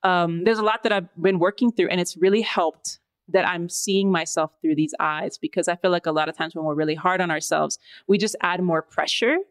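A woman's voice: on the low side, fairly even intonation, brisk, clean tone, dry recording. A woman co-hosting a podcast, talking in a reflective, thoughtful way in casual conversation. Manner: reflective, thoughtful, uses many fillers. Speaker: podcast co-host. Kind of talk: casual chat.

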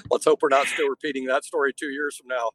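A man's voice: mid-range voice, lively intonation, brisk, fairly bright tone, no echo, poor audio. A man co-hosting a casual sports podcast, speaking in a wry, laid-back way and often stumbling over repeated words. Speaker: podcast co-host.

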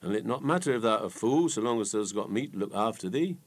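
A man's voice: lowish voice, lively intonation, fast. A man voicing a young country lass who talks plainly and reassuringly in rustic dialect.

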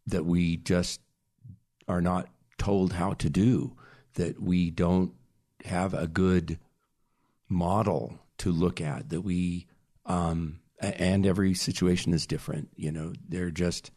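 A man guest telling a personal story in a hesitant way, pausing and searching for words. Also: sits low, fairly even intonation, mellow. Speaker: interview guest.

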